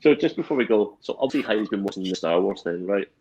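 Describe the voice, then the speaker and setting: A Scottish man co-hosting a podcast, telling a story in an animated way and laughing as he talks. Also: fairly low pitch, fast, a little hiss or hum, low-quality recording. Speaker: podcast co-host. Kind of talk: casual chat.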